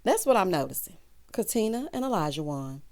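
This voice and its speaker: Sassy woman recapping reality TV. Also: brisk. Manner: sassy, animated, talks straight to the viewers; big pitch jumps for emphasis. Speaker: TV recap host. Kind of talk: casual reality-show recap commentary.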